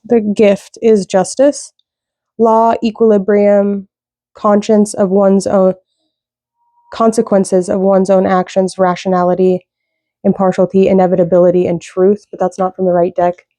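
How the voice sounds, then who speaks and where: A woman giving a casual tarot reading, rambling with lots of fillers, slow when she reads out card meanings. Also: mid-range voice, little pitch movement, dark tone, no echo. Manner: rambling, loose, with many fillers. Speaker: tarot reader.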